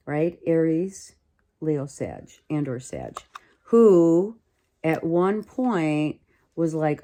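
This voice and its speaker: A woman reads tarot cards in a relaxed, thinking-aloud way, often repeating and restarting phrases. Her voice sits low with a warm, dark tone. She talks slowly and unhurriedly. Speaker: tarot reader. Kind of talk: casual tarot reading.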